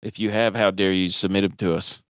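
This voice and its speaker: A man with a low, smooth, resonant voice hosts a casual sports podcast with his friends. He talks slowly and laughs often as he leads each segment. The sound is dry and close. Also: level tone, fairly bright tone, dry recording. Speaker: podcast host. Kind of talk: casual chat.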